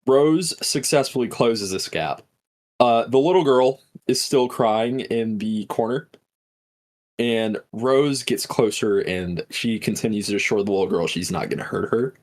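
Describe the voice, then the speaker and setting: A man's voice: medium pitch, a little slow. A man hosting a podcast, recapping a film in a casual, swearing storytelling style. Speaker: podcast host.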